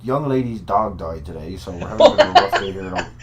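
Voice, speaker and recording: Fast-talking Newfoundland man, low voice. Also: big pitch swings, a crowd in the background. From Newfoundland, Canada. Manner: joking, profane, rambling storyteller. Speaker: podcast co-host. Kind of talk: casual chat. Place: at home.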